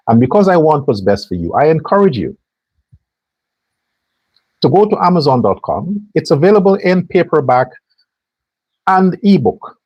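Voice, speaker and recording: A man's voice: on the high side, a little mellow, husky, no room sound. A man hosting a political commentary show, delivering a sarcastic and preachy rant. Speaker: host.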